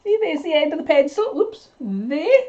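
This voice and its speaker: A woman's voice: sits high, sing-song, moderate pace, mellow, dull audio. A British woman co-hosting a live show, fondly reading out viewer comments and showing gifts. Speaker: co-host of a live mudlarking show. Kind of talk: casual live-stream chat.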